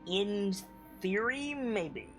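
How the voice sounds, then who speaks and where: A man's voice: high voice, sing-song, drawn-out words, a bit bright, soft background music. A man as game master of a tabletop game, explaining the scene loosely with many fillers.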